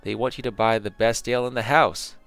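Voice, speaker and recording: A man narrating a second-person fantasy adventure in a measured way, with small slips and restarts. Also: medium pitch, steady tone, a bit bright, clear, resonant tone, faint music behind.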